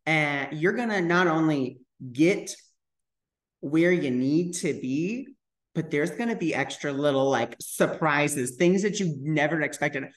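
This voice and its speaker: A man's voice: on the high side, a little slow. Chatty man telling a vlog story. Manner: chatty, full of "like" fillers, re-enacts dialogue. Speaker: spiritual vlogger.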